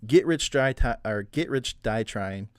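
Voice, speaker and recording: A man's voice: medium pitch, animated, measured pace, clear, resonant tone, no echo, studio quality. A man co-hosting a casual podcast, joking and laughing often as he chats. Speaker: podcast co-host. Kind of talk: casual chat.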